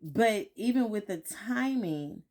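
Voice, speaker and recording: A woman's voice: mid-range voice, animated, takes it slowly, darkish tone. A woman vlogging at home in a candid, reflective way, often repeating herself and checking in with "right?". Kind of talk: casual reflective talk to followers. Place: home, morning.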